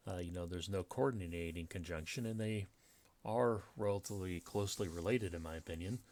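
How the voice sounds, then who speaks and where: A man's voice: deep voice, fairly quick, darkish tone. A man giving a step-by-step lecture on punctuation from slides, with frequent fillers and restarts. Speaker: writing teacher. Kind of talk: slide-based grammar lecture.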